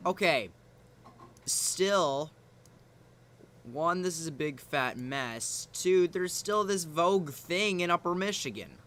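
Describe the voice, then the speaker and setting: A young man co-hosting a weather livestream, joking and bantering with dark humor. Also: on the high side, lively intonation, takes it slowly. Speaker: weather stream co-host. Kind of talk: casual livestream weather talk.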